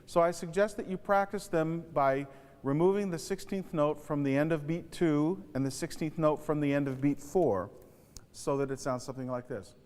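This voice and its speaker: A man giving a saxophone lesson, pitched a touch higher than most men. His advice comes across earnest and practical, and he sings out rhythms to show them. A long reverb trails each phrase. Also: moderate pace, darkish tone. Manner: sings rhythms aloud to demonstrate; earnest, advising. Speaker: saxophone instructor. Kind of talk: music lesson tutorial. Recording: reverberant room.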